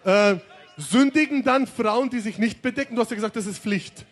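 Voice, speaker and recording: High-pitched man pressing with questions. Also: fairly quick.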